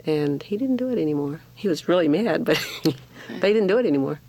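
A man from Alaska, a softball umpire, talking plainly and firmly in a casual radio chat. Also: fairly high pitch, lively intonation, brisk. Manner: firm, plain-spoken storyteller.

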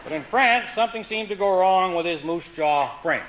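A man telling comic stories in a dry, wry, deadpan way. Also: high voice, moderate pace, few pauses, background noise. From Canada. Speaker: humorist. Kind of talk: comic storytelling.

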